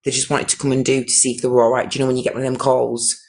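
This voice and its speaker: Indignant man, flat voice. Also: medium pitch, rapid-fire. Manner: indignant, emphatic, repetitive restarts. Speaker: live stream host. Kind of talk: live-stream commentary.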